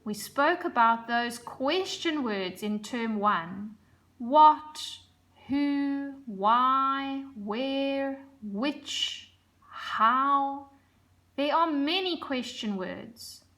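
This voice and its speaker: A woman teacher giving a recorded lesson to young children, speaking slowly, clearly and expressively. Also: high-pitched, lively intonation, bright, forceful tone. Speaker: primary school teacher.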